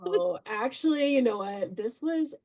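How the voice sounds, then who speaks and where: A middle-aged woman, a podcast guest, telling family stories in a casual, animated way with frequent laughter. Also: fairly high pitch, measured pace, no room sound, rough recording. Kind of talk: casual storytelling.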